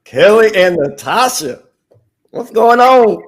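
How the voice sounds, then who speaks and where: A man's voice: sits high, expressive, slow pace, breathy edge. Upbeat man hosting a livestream. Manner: casual and upbeat, with repeated restarts and "man". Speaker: livestream host. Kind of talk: live online show hosting.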